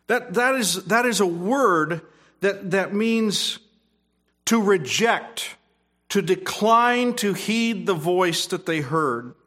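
High-voiced man preaching a sermon. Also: lively intonation, slow pace, fairly bright tone. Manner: earnest preaching with repeated phrases and restarts. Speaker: pastor.

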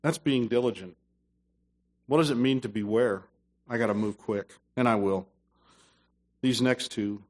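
A man preaching a sermon as pastor, dropping to low asides and rising to loud, emphatic passages. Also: a little slow, long pauses.

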